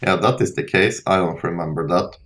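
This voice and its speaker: A young man with a low, deep voice talks his way through a fantasy game in a relaxed, rambling way. He trails off, restarts, and comments casually on what he sees. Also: brisk. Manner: relaxed, rambling, self-interrupting. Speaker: let's play host. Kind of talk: casual gameplay commentary, reading dialogue aloud.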